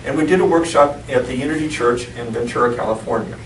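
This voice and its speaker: A man's voice: mid-range voice, quick pace. A middle-aged man, a reverend, telling a personal story within a sermon and laughing often as he goes. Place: church sanctuary. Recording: echoey church from far off, noisy.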